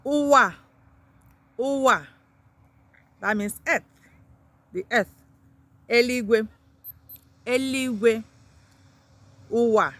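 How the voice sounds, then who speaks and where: A woman's voice: extremely slow, pauses often, fairly bright tone, dry recording. A woman teaching a vocabulary lesson, saying each new word in a lifted voice and repeating it before explaining. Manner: lifts words sharply in pitch when introducing them. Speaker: language teacher.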